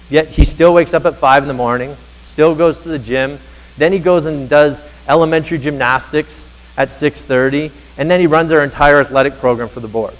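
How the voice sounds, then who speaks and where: A man's voice: medium pitch, fairly bright tone, long reverb tail, poor audio. A man in his thirties giving a motivational talk to teachers on a stage, speaking earnestly and addressing the audience directly. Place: stage in a large hall.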